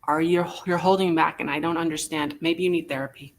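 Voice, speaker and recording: Guy running a live vintage auction, jokey and theatrical, lively swoopy voice. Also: on the high side, brisk, slight background noise. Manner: playful, joking, theatrical. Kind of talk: live online vintage sale.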